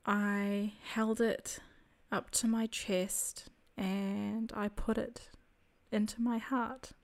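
Woman, faith testimony, slow and soft, reflective storyteller, mid-range voice. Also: medium pitch, flat delivery, gravelly. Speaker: storyteller sharing a spiritual experience.

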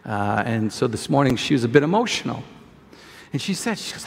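A man preaching a sermon as pastor, animated, restarting phrases and repeating words as he talks. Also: medium pitch, brisk, gravelly. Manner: animated preaching, acts out voices of doubters. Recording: long hall reverb.

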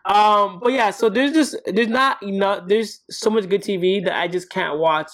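A man's voice: high voice, normal speed, a bit bright. A man in casual podcast chat, offhand and hesitant. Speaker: podcast co-host.

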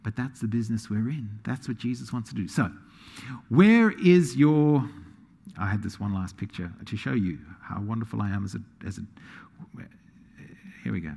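A man preaching a sermon as pastor, animated and self-deprecating, moving into a quiet prayer. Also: lowish voice, normal speed, gravelly, long pauses, breathy edge. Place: church sanctuary. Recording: long hall reverb.

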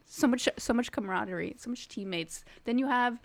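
Excited chatty woman, high voice. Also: fast, few pauses, dry recording. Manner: excited, laughing, swears casually. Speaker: podcast co-host. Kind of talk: casual chat.

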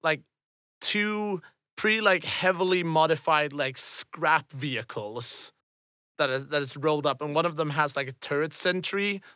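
A man runs a tabletop game as game master, describing scenes in loose rambling bursts with many restarts. His voice is fairly high for a man, bright and clear, recorded dry and close. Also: measured pace, no room sound. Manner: rambling, full of fillers and restarts.

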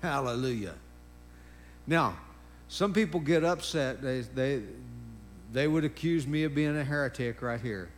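A man's voice: mid-range voice, slight background noise. A man preaching a sermon, emphatic and repetitive, breaking in with praise interjections. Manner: emphatic, drawn-out preaching with repeated phrases and interjections.

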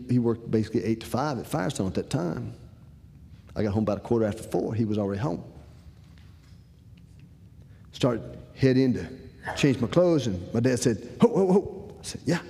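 A man's voice: medium pitch, gravelly. A man telling a personal story to an audience, acting out the dialogue. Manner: animated, acts out the dialogue. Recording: long hall reverb.

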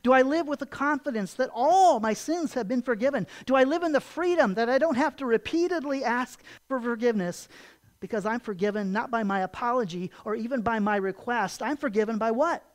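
A pastor delivers his sermon a little fast, pressing hard with rhetorical questions and repeated key phrases while his voice climbs louder and higher to stress a point.

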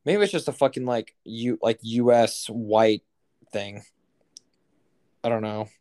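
A man's voice: mid-range voice, slow, dark tone. Rambling, swearing young man. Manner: rambling, heavy on fillers and profanity. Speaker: podcast co-host. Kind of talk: casual chat.

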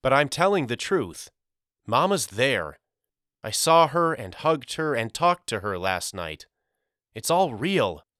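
A man's voice: mid-range voice, very animated, slow pace, fairly bright tone, no room sound, studio quality, pitched above the performer's own voice. A man voicing a stubborn teenage older brother who insists earnestly, in a storybook reading. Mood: earnest insisting.

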